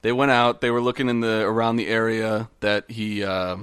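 Casting note: podcast host, low smooth male voice, rambling storyteller, dry mic. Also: flat delivery, moderate pace, fairly bright tone, dry recording. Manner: rambling, many fillers and restarts. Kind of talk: casual storytelling chat.

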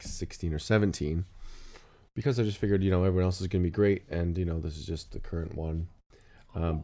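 Male podcast guest, very low, dark mellow tone, wry and laid back. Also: vocal fry. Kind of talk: casual podcast chat.

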